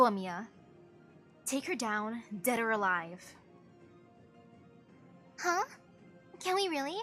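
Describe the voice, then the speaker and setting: A woman streamer reading video game dialogue aloud in an expressive, dramatic way. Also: a little high.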